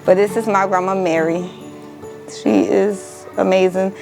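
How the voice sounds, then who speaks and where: A woman's voice: mid-range voice, steady tone, measured pace, gravelly, darkish tone, poor audio. Young woman, crafting vlogger, emotional, exclamatory, casual chat, faint music behind. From Miami. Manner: emotional, exclaiming, addresses viewers as y'all.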